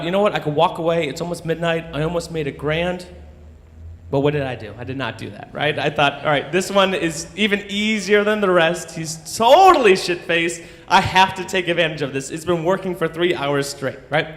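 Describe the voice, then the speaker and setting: Animated man telling a tale onstage. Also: on the high side. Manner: animated, profane, keeps asking "right?". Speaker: storyteller. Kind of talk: live stage storytelling. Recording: long hall reverb.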